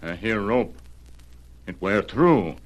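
Give me a calm, terse frontier companion, deep and slow, for a vintage radio serial. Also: male voice, poor audio. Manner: broken, clipped speech. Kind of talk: 1940s radio acting.

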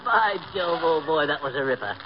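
Actor doing a braggart faking a plummy English toff, pompous, high and bouncy, old hissy radio comedy. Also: male voice, lively intonation, moderate pace, lo-fi sound, lightly acted. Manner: overdone stock British slang, pompous. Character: blustering man faking a posh English gent. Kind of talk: 1940s radio comedy acting.

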